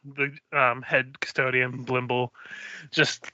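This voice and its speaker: A man's voice: medium pitch, flat delivery, takes it slowly, bright, forceful tone, no room sound, muffled recording. A man narrating as game master in a casual manner, with frequent ums. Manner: casual, hesitant with many ums.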